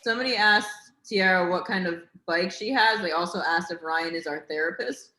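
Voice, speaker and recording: A woman's voice: fairly low pitch, bright, forceful tone, reverberant. A young woman in her twenties from New Jersey, with a New Jersey accent, hosting a casual livestream chat and talking emphatically with lots of "like". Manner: fast, filler-heavy, emphatic. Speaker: livestream host.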